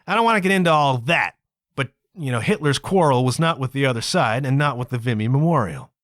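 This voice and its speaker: A man's voice: medium pitch, lively intonation, a little fast, fairly bright tone, no echo, clean studio sound. A man from Canada hosting his own podcast, talking in a chatty, digressive way and tagging his points with asides like "okay?" and "kids". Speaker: podcast host. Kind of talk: casual solo podcast monologue.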